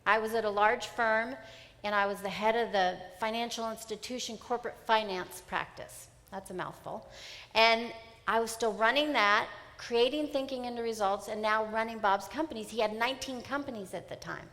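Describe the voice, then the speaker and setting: A middle-aged woman giving an emphatic, animated motivational seminar talk. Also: on the high side, moderate pace. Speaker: seminar speaker. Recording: long hall reverb.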